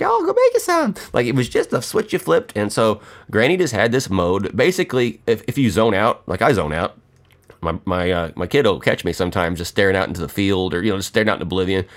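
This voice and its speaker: A middle-aged man talks in a loose, rambling monologue, joking and swearing freely. His voice sits low but swings widely in pitch. He tells stories the way a podcast host chats. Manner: profane, joking storyteller.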